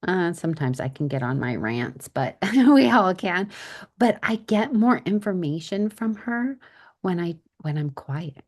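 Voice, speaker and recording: Lower-voiced woman podcast host. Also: lively intonation, measured pace. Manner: warm storytelling about her own parenting, chatty. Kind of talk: casual interview chat.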